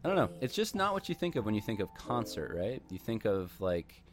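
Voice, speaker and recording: A man's voice: fairly low pitch, sing-song, brisk, over music. A man casually commenting on videos he plays, wry and rambling, often asking questions aloud.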